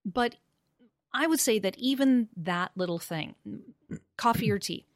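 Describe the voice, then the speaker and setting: A woman explaining pronunciation teaching, acting out example phrases with rising and falling intonation, animated and laughing easily. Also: on the high side, unhurried, dry recording, studio quality. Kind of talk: conversational discussion about teaching.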